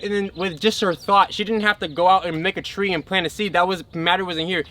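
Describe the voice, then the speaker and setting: A man's voice: high voice, brisk, hardly any pauses, fairly bright tone. A man giving an emphatic spiritual teaching talk who keeps checking in with his listeners.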